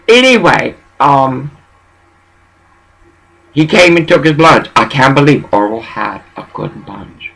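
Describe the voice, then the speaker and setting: A man's voice: medium pitch, animated, a little slow, gravelly, fairly bright tone, slightly rough, rough recording. A man telling a rambling, profane story in a casual monologue and dropping in bits of Spanish.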